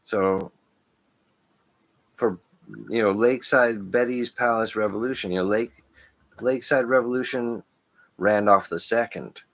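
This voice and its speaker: A man talking in a loose, rambling monologue, jumping between ideas with restarts and quick chuckles. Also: medium pitch, fairly even intonation. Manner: stream-of-consciousness, restarts, frequent chuckles. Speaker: channel host.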